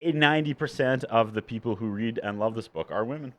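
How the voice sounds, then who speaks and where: A man's voice: medium pitch, brisk, fairly bright tone. A man, an author guest on a talk podcast, joking dryly and poking fun at himself in a studio. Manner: dry, self-mocking humor. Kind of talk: casual chat. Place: radio studio.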